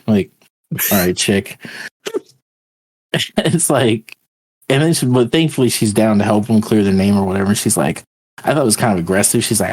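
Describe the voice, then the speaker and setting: A man with a low, husky voice co-hosts a podcast in loose, casual chat. He retells scenes in a sweary, laughing way. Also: brisk, long pauses, a little mellow. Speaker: podcast co-host.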